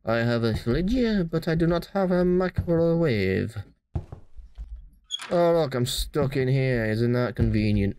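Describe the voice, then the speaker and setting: A man giving dry, deadpan let's play commentary while playing a horror game. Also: mid-range voice, takes it slowly, a little hiss or hum.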